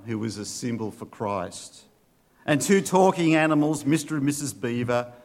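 Slow, earnest male preacher. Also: mid-range voice. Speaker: pastor. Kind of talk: sermon with storybook readings and prayer.

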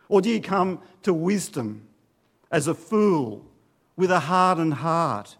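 Male pastor preaching, slow delivery, lively pitch swings, dramatic urgency. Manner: dramatic, swings between loud urging and low hushed warnings. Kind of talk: sermon.

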